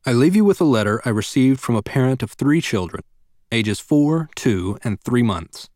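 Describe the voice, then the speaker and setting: Lively, earnest man narrating. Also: mid-range voice, no room sound, clean studio sound. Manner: earnest, measured, addresses the listener directly. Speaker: audiobook narrator of a parenting book. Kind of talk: scripted nonfiction narration.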